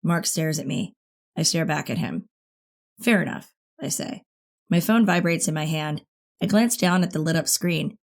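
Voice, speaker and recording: Woman, audiobook narrator, first-person thriller, low pitch, expressive, intimate. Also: moderate pace, vocal fry.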